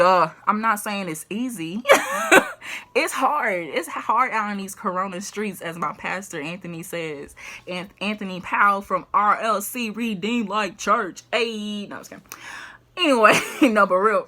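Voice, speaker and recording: A woman's voice: fairly low pitch, bright, forceful tone. A young woman sharing casual faith encouragement in a vlog. She talks in a chatty way, leaning on "like" and "you know", and laughs easily. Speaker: faith vlogger. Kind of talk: casual faith talk to camera.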